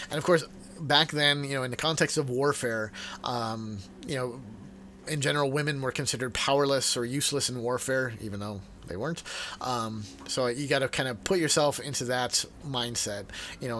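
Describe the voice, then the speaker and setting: A man teaching a casual Bible study at a middle pitch. He talks in a loose, chatty way, laughing often and repeating words mid-sentence. A faint hiss sits under his voice. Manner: reads scripture aloud in a measured, quieter tone.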